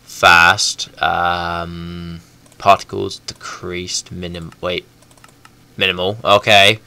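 Excitable young man with a cold. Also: deep voice, very slow, vocal fry, clear, resonant tone. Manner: excitable, rambling, self-correcting. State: stuffy with a bad cold. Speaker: gaming YouTuber. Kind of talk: casual game commentary.

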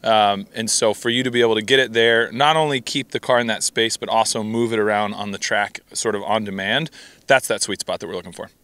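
A man working as a rally driving instructor, explaining technique in a relaxed, conversational way. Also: lowish voice, a little fast, clean tone.

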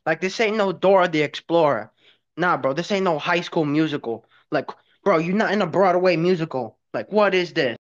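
A man's voice: fairly high pitch, moderate pace, highs cut off. A young man giving profane, incredulous roast commentary on a cartoon.

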